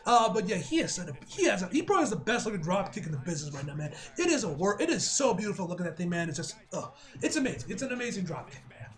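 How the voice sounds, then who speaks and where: A young man giving an excitable, slangy wrestling review, laughing and swearing often. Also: high voice, very fast. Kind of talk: casual video review.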